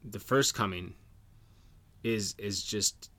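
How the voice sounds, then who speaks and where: A man's voice: on the low side, takes it slowly, fairly bright tone. A man co-hosting a podcast in casual chat, earnest and reflective, often restarting his sentences. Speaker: podcast co-host.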